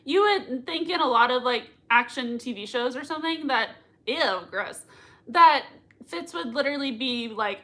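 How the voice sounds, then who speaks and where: A woman's voice: high voice, animated, moderate pace, a bit bright. A young woman hosting a live reaction stream, gushing and squealing with emotion. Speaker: livestream reaction host. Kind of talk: excited live reaction chat.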